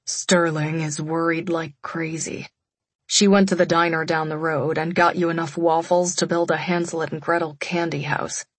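Woman doing a bossy rich husband, curt orders, slightly lower, breathy, dry close audiobook sound. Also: little pitch movement, moderate pace, dry recording. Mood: teasing. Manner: curt, commanding. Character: commanding wealthy husband, cold but tender.

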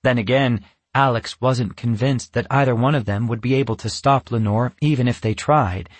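Man, storybook narrator, husky voice, mid pitch, dry close recording. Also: moderate pace, no echo.

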